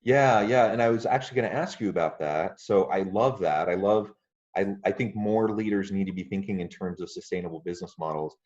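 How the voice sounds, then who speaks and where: A man hosting a podcast interview, speaking in a polite, measured way with frequent ums. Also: low voice, darkish tone. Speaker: podcast host. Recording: muffled lo-fi audio.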